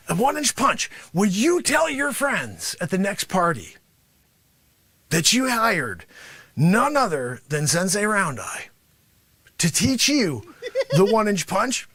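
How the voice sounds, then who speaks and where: A man playing a brash, greedy male martial arts sensei in an improvised comedy bit, boasting and berating his students with loud shouted bursts. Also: very high voice, vocal fry, breathy edge, dry recording, exaggerated voice. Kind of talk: improvised comedy character monologue.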